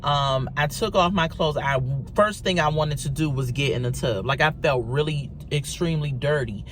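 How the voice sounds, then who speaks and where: A woman's voice: sits low, moderate pace, noisy background. Chatty woman telling a story in a car. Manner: chatty, addresses viewers as y'all, many fillers. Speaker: vlogger. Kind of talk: storytime vlog, casual retelling.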